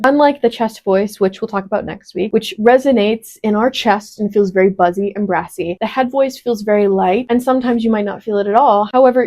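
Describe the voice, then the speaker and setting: A woman's voice: mid-range voice, a little mellow. A woman in her twenties teaching an online singing lesson, explaining step by step and encouraging with frequent check-ins. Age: 20s.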